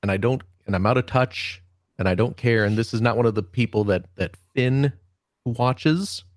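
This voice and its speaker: A man's voice: mid-range voice, moderate pace, no room sound. A man co-hosting a gaming podcast, wry and self-deprecating in casual chat. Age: older. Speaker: podcast co-host.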